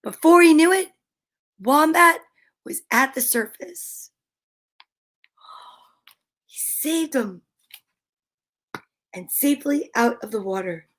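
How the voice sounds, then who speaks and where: A woman reading picture books aloud to children, gentle and encouraging, asking questions and counting along with them. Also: high voice, expressive, slow pace, pauses often. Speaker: children's story reader.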